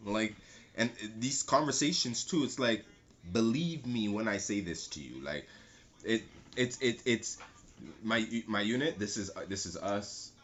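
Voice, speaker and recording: A tarot reader gives a casual reading, speaking loosely, repeating himself, tossing in plenty of "right?" and some swearing. His mid-range voice is animated, a little slow, and fairly bright, though the recording sounds slightly dull, with faint music behind it.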